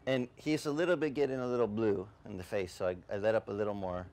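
A male pastor telling a personal story in a sermon, acting out the voices in it. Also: fast talker. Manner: animated storyteller, acting out voices with big pitch swings. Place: beach service outdoors.

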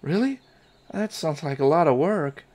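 Man putting on a high squeaky game kid, excited, eager, bouncy. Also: unhurried. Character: eager young boy playing knight.

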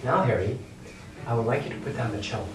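A man acting as a music instructor, calmly guiding a beginner step by step. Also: medium pitch, fast talker, a crowd in the background. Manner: calm, gently directive. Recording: roomy echo, distant mic, background hiss.

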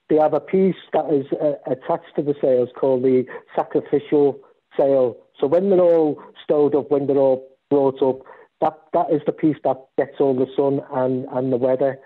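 A man casually telling stories about volunteering on a sailing ship, rambling with many restarts. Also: on the high side. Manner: rambling, animated when storytelling. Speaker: guest speaker. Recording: tinny phone-like line.

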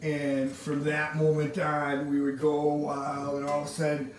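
A man from Wisconsin chats and tells family stories while cooking, slipping into voices for the people he remembers. His voice sits a bit high. The mic hangs well back in a very echoey kitchen, with a clear layer of background noise. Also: monotone, normal speed, recorded from a distance. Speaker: home cook and vlogger. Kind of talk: rambling storytelling while cooking. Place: home kitchen.

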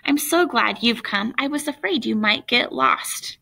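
Woman voicing a gentle, shy school counselor. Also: fairly high pitch, animated, unhurried, vocal fry, exaggerated voice. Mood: earnest. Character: friendly new female school counselor, shy.

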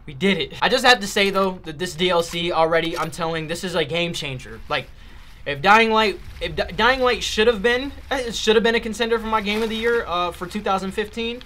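A man playing a video game and commenting live, excitable and loud, trash-talking enemies and swearing when scared. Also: high-pitched, brisk, slight background noise. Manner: trash-talks enemies in a playful street tone. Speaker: gaming YouTuber. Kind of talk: let's play commentary.

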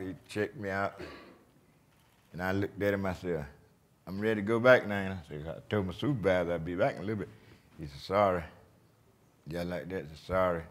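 Old guy, 70, low voice, folksy storyteller, acts out who said what on stage. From Eastern North Carolina. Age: 70s. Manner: plainspoken, acts out dialogue. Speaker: patient telling his story. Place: conference stage.

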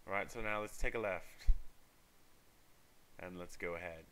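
A man's voice: sits low, measured pace, long pauses, bright, forceful tone, slight background noise. A man hosting a let's play, reading a text adventure game aloud and commenting casually with frequent ums. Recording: faint music underneath.

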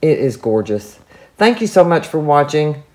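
Deep and somewhat mellow, her voice has a sing-song quality at a moderate pace. The woman is a craft artist displaying her paint pour, talking offhandedly to her camera and exclaiming happily as she works. Sound is picked up by the camera mic, with the camera moved by hand at times.

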